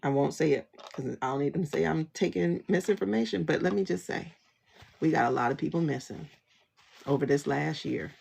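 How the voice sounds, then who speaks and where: A woman's voice: low voice, brisk, vocal fry, a little mellow, slightly rough. A woman livestream host, talking in a blunt, sassy rant and laughing often. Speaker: tarot reader and livestream host. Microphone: phone livestream.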